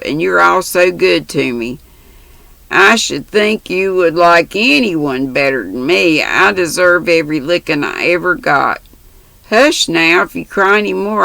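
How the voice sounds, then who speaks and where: A woman voicing a blunt, rough-talking orphan girl with plain country grammar, reading a storybook aloud. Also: lowish voice, sharp tone, no echo, exaggerated voice, low-quality recording. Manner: plain-spoken, rustic grammar.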